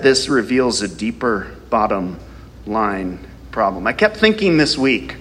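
A man preaching a sermon in a church sanctuary, his voice carrying a long echo through the large hall. He reads scripture aloud and keeps throwing rhetorical questions at the congregation. His pitch rises and falls a great deal, and his tone is slightly husky. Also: a bit bright. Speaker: pastor.

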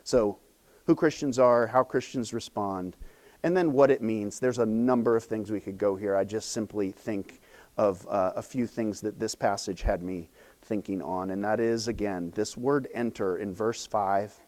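A man's voice: fairly low pitch, moderate pace. A middle-aged man, a pastor, preaching a sermon in a conversational, storytelling way. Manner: conversational storytelling with animated quoted voices.

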